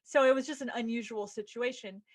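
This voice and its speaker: A woman's voice: fairly high pitch, steady tone, a little fast. A middle-aged woman podcast co-host and author, telling stories in casual chat and acting out what people said. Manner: chatty storyteller, acts out quotes in voices.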